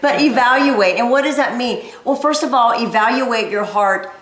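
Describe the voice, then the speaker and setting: A middle-aged woman with a high voice shares stories from a church stage as part of a sermon. She is animated and laughs easily. The sound carries the echo of a large room. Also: normal speed. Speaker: pastor's wife, co-speaker. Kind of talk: lively sermon storytelling. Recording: echoey church hall.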